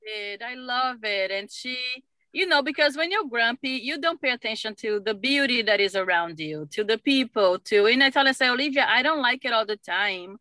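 A middle-aged woman, a mother, telling stories in a casual conversation, animated and laughing often. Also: a little high, moderate pace, no room sound. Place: lives in Utah.

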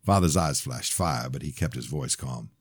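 A man reading his own novel aloud in measured first-person narration. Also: extremely low pitch, slightly rough, no echo, studio quality. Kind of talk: audiobook narration.

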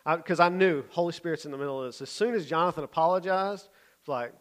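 A man's voice: a little high, quick pace. A man, a youth pastor telling a story in a sermon, conversational and often checking in with his listeners.

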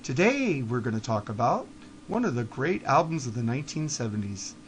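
A man imitating a dull male podcast host who speaks in a flat, sleepy drone. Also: medium pitch, normal speed, slight background noise, voice pushed down, lightly acted. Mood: droning. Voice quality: flat, droning, sleepy delivery.

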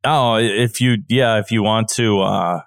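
A man co-hosting a podcast, telling stories in a rambling, halting casual chat. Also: fairly low pitch, fairly even intonation, gravelly, no echo, studio quality. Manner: rambling storyteller with halting restarts. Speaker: podcast co-host.

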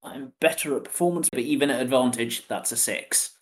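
Very low-voiced woman player. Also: a little fast. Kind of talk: casual tabletop play.

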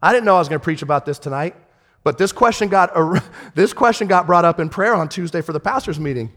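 A man pastor preaching a sermon, swinging from shouted rebukes to hushed, tender storytelling. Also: high-pitched, lively intonation, fast. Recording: long hall reverb.

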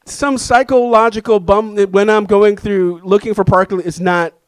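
A man preaching a sermon as pastor, telling a personal story in an animated, self-deprecating way. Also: sits high, normal speed, clean tone, dry recording.

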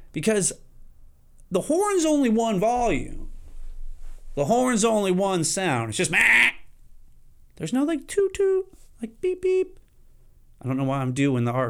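A man hosting a solo podcast, ranting comically and jumping into high silly voices for his examples. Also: clean tone. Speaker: podcast host. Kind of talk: solo comedic podcast rant.

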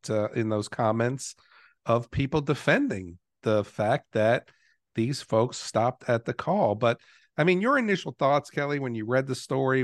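A man hosts a podcast in an easygoing, conversational manner. His voice sits at an average pitch and sounds dry and close, with no room around it. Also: no room sound. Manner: energetic intro then relaxed conversational. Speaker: podcast host. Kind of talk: casual chat.

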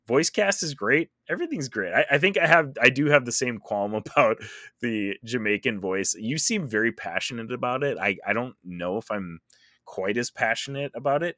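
A podcast co-host chats casually about a movie he reviewed, easygoing and full of fillers. His medium-pitched voice has a sharp tone, lively intonation, and a moderate pace, in a dry, clean studio recording.

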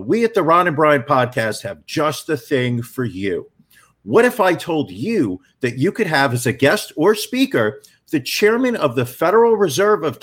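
Man doing a slick radio ad announcer, hyped delivery, higher pitch.

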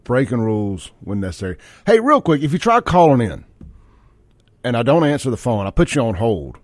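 A man hosts a talk radio show in a blunt, folksy, fired-up way. His voice sits in a middle pitch. The studio sound is dry and close. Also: huge pitch swings, normal speed, no room sound.

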